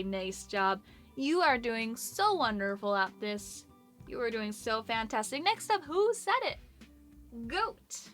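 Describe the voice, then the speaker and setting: A woman's voice: on the high side, pushed and bright. A young woman teaching a children's phonics lesson, encouraging and sing-song, praising often.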